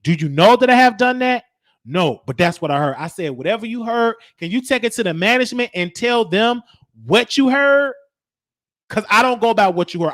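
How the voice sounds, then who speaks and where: A man tells a long personal story as a show host, his voice pitched high for a man. He swings up and down a lot, acting out the people he quotes. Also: no echo, studio quality. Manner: animated, acts out quoted voices.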